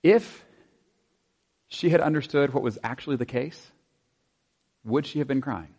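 A man preaching a sermon in a conversational way, asking his listeners rhetorical questions and dropping into soft asides. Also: mid-range voice, a little slow, breathy edge. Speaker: pastor.

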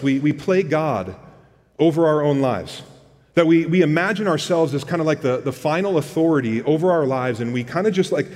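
A man's voice: on the high side, darkish tone, in a large hall. A man preaching a sermon in a casual, conversational way, often repeating words and asking the congregation questions. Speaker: pastor.

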